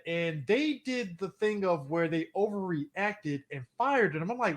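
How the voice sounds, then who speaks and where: Chatty man with a higher voice. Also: animated, unhurried, few pauses. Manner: rambling storytelling, acting out quoted voices. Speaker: podcast co-host. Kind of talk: casual chat.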